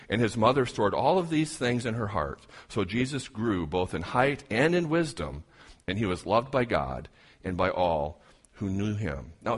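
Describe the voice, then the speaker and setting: A male pastor preaching a sermon, telling a story earnestly and expressively with dramatic pauses. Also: fairly low pitch, husky.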